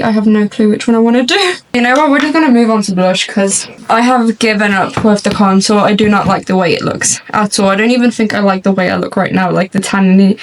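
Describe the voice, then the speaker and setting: While she does her makeup, a young woman who vlogs about beauty spins a long, chatty, rambling story punctuated by frequent laughter. Her voice is a little high, captured roughly from far away and slightly off-mic.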